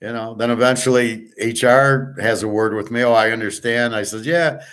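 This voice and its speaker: A man's voice: mid-range voice, level tone, normal speed, fairly bright tone, clear, resonant tone. Blunt rambling man telling a work story. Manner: blunt, rambling, repeats himself. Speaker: podcast host. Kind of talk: casual storytelling monologue.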